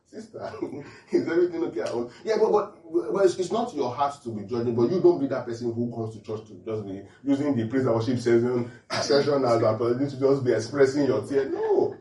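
A man's voice: medium pitch, quick pace, few pauses, echoey room, far from the mic, poor audio. A man preaching a humorous sermon, laughing often and checking in with his listeners. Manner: animated, laughing often, asks the audience questions.

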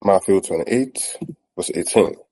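A man's voice: low voice, a little slow, mellow, low-quality recording. A man preaching a teaching sermon, repeating points and checking in with listeners, with many fillers. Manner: repetitive, checks in with listeners often. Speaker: pastor.

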